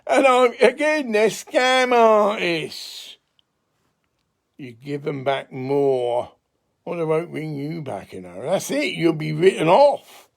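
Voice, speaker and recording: A man's voice: a little high, animated, slow pace, vocal fry. An older man, rambling in a crude, sweary, laughing monologue. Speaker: self-styled spiritual healer.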